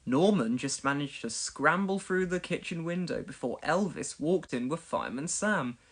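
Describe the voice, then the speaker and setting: A woman narrating a children's storybook read-along, expressive in delivery. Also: low-pitched, moderate pace, slightly rough.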